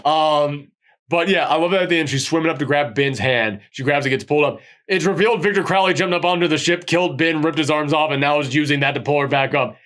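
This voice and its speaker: A chatty man reviewing a horror movie in a loose, rambling way, his voice sitting a little high for a man. He breaks into gruff put-on voices to act out scenes, then slides back into easy talk. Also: quick pace. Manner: rambling, animated, acts out quotes in a gruff voice. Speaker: podcast host. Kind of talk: casual movie review chat.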